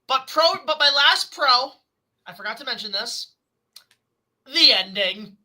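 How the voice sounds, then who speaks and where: High, very bright woman, excitable film reviewer, casual. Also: normal speed, rough recording. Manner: excitable, enthusiastic, swears casually.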